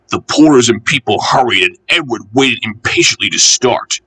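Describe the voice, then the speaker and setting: A man reading a children's railway storybook aloud, expressive and animated. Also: medium pitch, moderate pace, breathy edge, no echo, poor audio.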